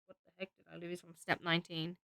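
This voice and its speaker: A woman's voice: fairly low pitch, little pitch movement, fast, pushed and bright, no room sound, clean studio sound. A young Australian woman streaming casually, tired and rambling as she thinks aloud while building.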